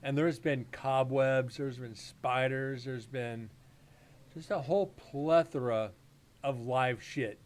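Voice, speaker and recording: A man's voice: medium pitch, slow pace. A man hosting a live paranormal stream, telling rambling, profane stories in casual chat.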